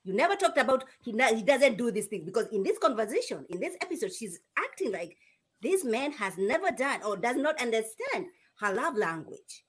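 Woman reviewer, fairly high husky voice, emphatic casual recap talk. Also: very animated, fairly quick. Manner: emphatic, repeats herself, gets worked up. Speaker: review panelist. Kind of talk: casual show recap chat.

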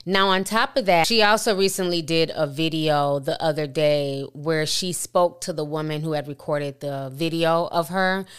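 Woman, vlog host, commentary, low voice, smooth tone, talks to the viewers. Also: moderate pace, few pauses. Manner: conversational, addresses viewers directly.

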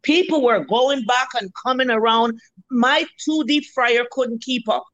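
A middle-aged Jamaican woman, a food vendor, chatting in an interview as a lively storyteller who swears freely. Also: a little high, measured pace, no echo, dull audio. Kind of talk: casual interview chat.

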